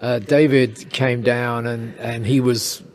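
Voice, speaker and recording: A man telling a casual anecdote in an interview, lively, with chuckles and quick asides. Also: medium pitch. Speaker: interview guest, storyteller.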